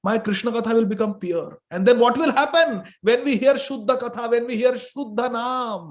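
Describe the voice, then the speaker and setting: A man giving a devotional scripture class, fervent and emphatic, quickly chanting verses between explanations. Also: high-pitched.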